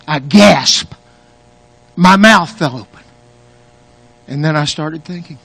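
A man's voice: fairly high pitch, takes it slowly, vocal fry, husky. A male preacher delivering an impassioned sermon, building rhythm by repeating words and long lists. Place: church sanctuary. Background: soft guitar music.

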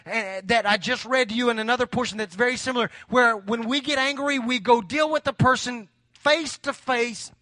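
Male pastor, high and bright, preaches with building fervor, dry close sound. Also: dry recording. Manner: preaching with rising fervor, telling personal stories. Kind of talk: sermon.

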